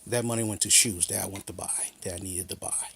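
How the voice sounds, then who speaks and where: A man's voice: sits low, steady tone, fast talker, vocal fry, noisy background. A man telling a personal story in a rambling, aggrieved rant, full of restarts and quotes of what others said. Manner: aggrieved and frank. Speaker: vlogger.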